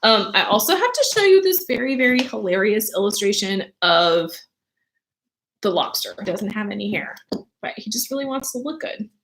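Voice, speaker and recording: A woman teacher, animated and chatty, reading a book aloud for children and asking them questions. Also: mid-range voice, moderate pace, a little hiss or hum.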